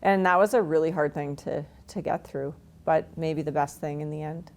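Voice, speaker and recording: A woman in her forties from Canada speaks as an interview guest with a low voice and a gravelly fry running through it. She tells her stories frankly and often laughs at herself. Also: fairly even intonation, normal speed. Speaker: interview guest, retired hockey player. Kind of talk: candid interview storytelling.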